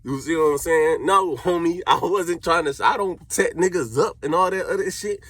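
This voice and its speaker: A young man with a Cleveland accent, his voice high-leaning with a breathy edge, tells an animated slang-filled story at a moderate pace, acting out quotes. There's no echo.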